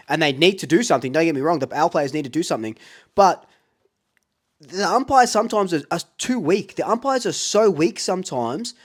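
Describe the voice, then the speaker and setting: An Australian man runs a casual fan talkback show in a voice that sits slightly high. He gets fired up and rants, hammering the same points again and again. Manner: fired-up, ranting, repeats himself. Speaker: fan talkback radio host.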